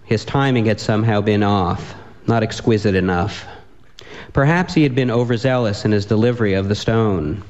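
Deadpan man reading a comic story. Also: fairly low pitch, normal speed, lo-fi sound.

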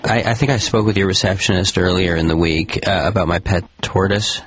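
A man voicing a nervous caller in a comedy sketch, halting and stammering. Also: sits low, husky, dry recording, dull audio. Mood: anxious. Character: nervous male caller worried about his pet.

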